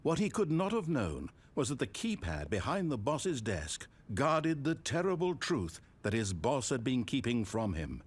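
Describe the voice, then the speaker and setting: A dry, all-knowing narrator in a video game, speaking in a measured, theatrical way. His voice ranges widely from low to high, and it has a slightly husky grain. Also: wildly swooping pitch, exaggerated voice. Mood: wry narration. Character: dry omniscient male storybook narrator of a game. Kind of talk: scripted narration.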